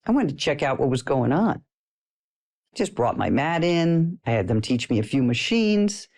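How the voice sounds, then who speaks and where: A middle-aged woman teaching a personal development course, talking in a playful, animated way and laughing often. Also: rumbling low, moderate pace. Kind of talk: casual spoken lesson to listeners.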